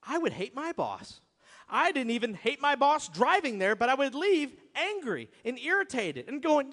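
A man's voice: extremely high pitch, sing-song, moderate pace, bright, forceful tone. A middle-aged man preaching a conversational, emphatic sermon, often turning to his listeners with rhetorical questions. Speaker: pastor. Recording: long reverb of a church hall.

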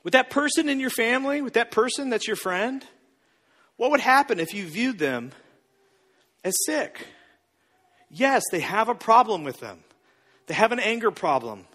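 A man preaching a sermon as a pastor, casual and joking, acting out quotes with animated energy. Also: extremely high pitch, moderate pace, pauses often. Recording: long reverb in a hall.

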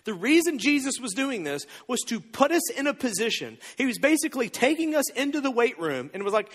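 A man preaching a sermon as pastor, telling a story with animated dialogue and acting out the characters. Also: very high-pitched, brisk, few pauses, big-room sound.

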